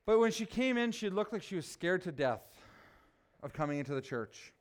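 High-voiced, smooth-toned joking pastor. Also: male voice, normal speed. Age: 40s. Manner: joking, self-mocking, animated asides to the congregation. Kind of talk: humorous sermon storytelling.

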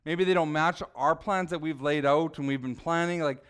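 A middle-aged man preaching in a relaxed, conversational way. His voice sits high for a man and sounds smooth and clear. He keeps asking the congregation questions and acts out little scenes. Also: moderate pace. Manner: conversational, asks the audience questions, acts out people. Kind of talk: casual sermon.

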